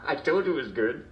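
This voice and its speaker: An actor gives an exaggerated, fairly high male voice to a jolly TV show host in a video game, chuckling constantly between lines of chummy showman patter. The highs in the audio are cut off.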